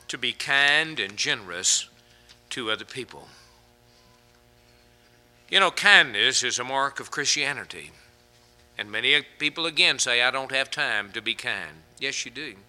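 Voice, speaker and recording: A man preaching a sermon, asking the congregation rhetorical questions and telling humorous stories, often building to fervent, louder passages. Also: mid-range voice. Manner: humorous anecdotes with fillers.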